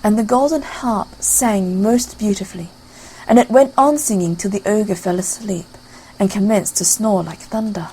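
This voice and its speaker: A woman narrating a classic fairy tale aloud in a lively storybook reading style. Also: mid-range voice, moderate pace, a little hiss or hum, poor audio.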